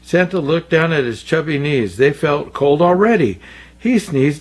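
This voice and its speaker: Man, storybook narrator, husky, animated pitch, chuckles at slips. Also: measured pace. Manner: warm, chuckles at his own slips. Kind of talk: read-aloud children's story.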